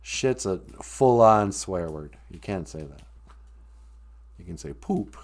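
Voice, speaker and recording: A man in casual comedic chat, rambling through his opinions at an unhurried pace. His pitch swings widely as he jokes, giving the talk a lively, teasing feel. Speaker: podcast host.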